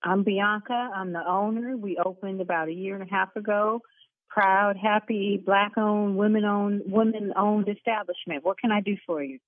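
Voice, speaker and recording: Brief: indignant woman on a tinny phone line, husky, a bit high. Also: steady tone, dry recording. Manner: indignant, fast, cursing. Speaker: salon owner on the phone.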